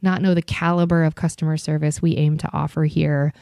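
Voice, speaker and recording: A woman's voice: deep voice, little pitch movement, fairly quick, gravelly, dark tone, smooth, no room sound, clean studio sound. A woman voicing an apologetic young male hotel night clerk who speaks in stiff, polite managerial phrasing.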